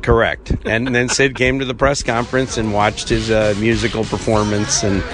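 A man's voice: on the low side, flat delivery, moderate pace, over music. A man working in team public relations, telling a story in an interview and restarting his sentences often. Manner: rambling anecdote with many restarts. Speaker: team PR director.

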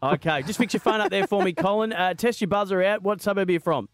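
A man's voice: high-pitched, quick pace. A man with an Australian accent hosting a radio quiz in a studio, chatty, joking and upbeat. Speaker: radio host.

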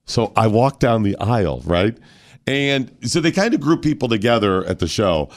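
A hoarse man hosting a morning radio talk show, telling animated stories and acting out what other people said. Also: on the low side, normal speed, no echo. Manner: animated storyteller, acts out other people's lines.

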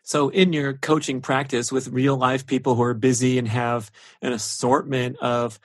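An American man hosting a podcast, asking questions in a friendly, measured way. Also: mid-range voice, flat delivery, no room sound, studio quality. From United States. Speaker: podcast host. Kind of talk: casual podcast interview.

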